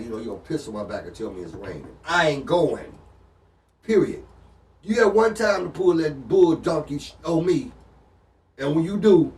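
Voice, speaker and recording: A man's voice: medium pitch, a little mellow, distant mic, a little hiss or hum. A man co-hosting a casual advice chat, talking in a blunt, preachy, slangy way. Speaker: co-host.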